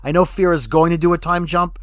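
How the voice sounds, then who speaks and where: This co-host of a casual fan podcast has a higher-pitched voice, a steady tone and a slightly quick delivery, recorded with no room sound. He rambles, jokes around, and corrects himself as he goes.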